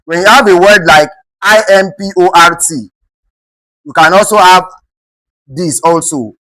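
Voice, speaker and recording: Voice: mid-range voice, pushed and bright, dry recording, low-quality recording. Teacher with a Nigerian accent, quizzing. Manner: keeps asking the class "what?" and then answering it; spells words out letter by letter and repeats them slowly. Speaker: English teacher. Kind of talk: exam-prep lesson.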